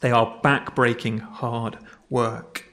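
A man's voice: medium pitch, level tone, slow pace, fairly bright tone. Man preaching conversationally. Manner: conversational, self-deprecating preaching with repetitions. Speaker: pastor. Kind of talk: sermon.

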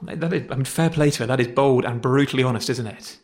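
Male pastor, mid pitch, relaxed conversational sermon delivery with repeats. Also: fast talker. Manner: conversational, self-deprecating preaching with repetitions.

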